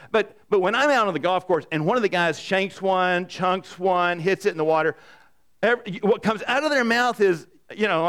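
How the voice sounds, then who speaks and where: Man, pastor, conversational sermon, slightly high voice, lively questions to the congregation. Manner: conversational, animated, asks the room questions. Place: church in front of a congregation.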